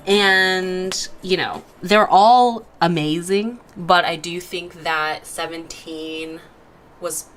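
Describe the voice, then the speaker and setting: A woman's voice: on the low side, slow pace, fairly bright tone, faint music behind. A young woman hosting an art livestream, chatting casually and giggling, with lots of fillers while she draws. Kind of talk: casual chat while drawing.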